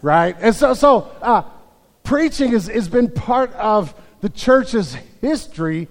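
A man's voice: high-pitched, lively intonation, takes it slowly, in a large hall. A male pastor preaching a sermon in a church, telling stories with jokes and frequent restarts. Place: church sanctuary.

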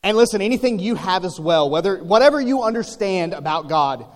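A man's voice: high voice, animated, fairly quick, big-room sound. A man preaching a sermon as pastor, in a conversational style with rhetorical questions and humor.

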